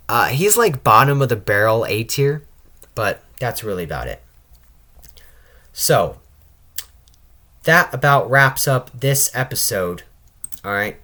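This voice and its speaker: A man's voice: mid-range voice, fairly bright tone. Stammering young man ranking game characters. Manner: stutters and restarts often, keeps adding "all right?". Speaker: channel host ranking video game characters. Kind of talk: casual tier-list commentary.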